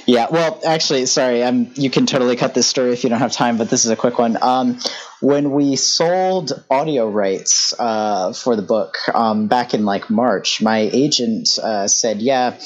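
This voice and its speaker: A man's voice: medium pitch, moderate pace. A man, an author, casually telling a story in a chatty, self-deprecating way. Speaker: author guest. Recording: dull lo-fi audio.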